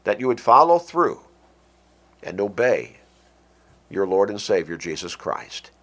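Slow, earnest male radio preacher. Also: on the low side, sing-song, a bit bright. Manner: earnest, measured preaching with slow deliberate stresses. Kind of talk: radio sermon.

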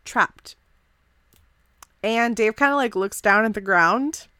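A woman narrating as game master in a relaxed, chatty way with many fillers. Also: a little high, moderate pace, clear, resonant tone, dry recording, studio quality. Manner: relaxed, filler-heavy, giggly.

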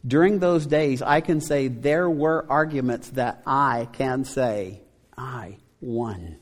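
A man's voice: mid-range voice, slow pace. Man preaching a sermon in a reverberant hall. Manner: conversational preaching with rhetorical questions. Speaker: pastor. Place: church sanctuary. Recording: long reverb of a church hall.

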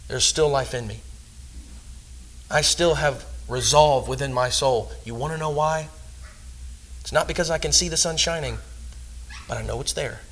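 Man, sermon, earnest, loud then hushed, slightly high pitch. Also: low-quality recording. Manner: earnest, swings between loud emphasis and hushed asides. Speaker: preacher.

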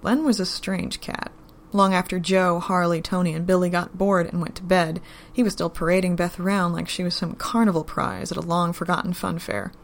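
A woman narrating a story in a steady, unhurried audiobook-style reading. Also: lowish voice, gravelly.

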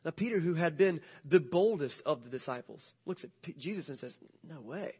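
A male pastor retelling a story to a church congregation, speaking in a casual, jokey, animated way. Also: on the high side, a little fast, breathy edge. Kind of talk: sermon storytelling.

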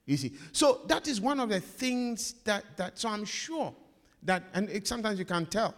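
A male pastor preaching a sermon, repeating his phrases and swinging between loud emphasis and hushed asides, recorded in a church hall. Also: sits high, expressive, moderate pace.

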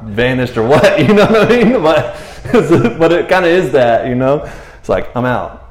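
Animated preacher man in an echoey room. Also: normal speed. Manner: animated, acts out characters with jumps in pitch, laughs often. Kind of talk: casual sermon.

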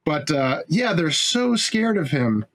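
A man with a somewhat high voice chats about a film. He swears and laughs as he goes, and acts out the characters' lines himself. His casual, animated retelling jumps from scene to scene. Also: takes it slowly. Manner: animated, profane, laughing storyteller who acts out the dialogue.

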